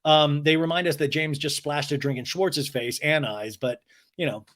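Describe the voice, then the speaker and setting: A male podcast host giving a comedic, profane recap, animated and mimicking the people he quotes. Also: on the high side, moderate pace.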